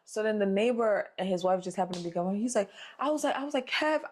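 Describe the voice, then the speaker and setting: A young woman co-hosting a casual podcast, telling a story with lots of swearing and acting out the people she quotes. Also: fast talker. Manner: animated storyteller, acts out quotes in a higher voice, swears freely. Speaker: podcast co-host.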